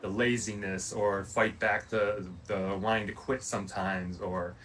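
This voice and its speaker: A man in his forties, a former Olympic pole vaulter, giving a casual motivational talk in a rambling, animated storytelling way with lots of fillers. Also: fairly low pitch, measured pace. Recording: distant mic, faint room noise.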